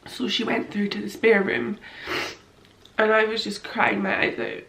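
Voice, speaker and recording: Tearful and rambling, a young female vlogger shares a personal story to camera in a mid-range, sing-song voice that's unhurried, gravelly and a bit bright. She fills her speech with fillers and quotes her own thoughts, and the audio is poor and reverberant.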